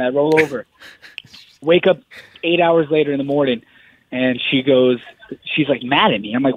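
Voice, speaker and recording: A man's voice: medium pitch, steady tone, normal speed, pauses often, a little hiss or hum. Man on a tinny phone line, chatty. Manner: chatty storyteller, laughs through his telling. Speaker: phone-in caller; fighter.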